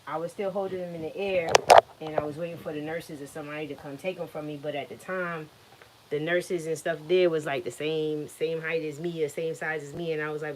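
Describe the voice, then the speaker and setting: A woman with a notably low voice tells a personal story in a blunt, animated way. Her speech is profane and direct, and she relives the moment as she talks. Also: fairly quick, a little hiss or hum. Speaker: guest telling her story.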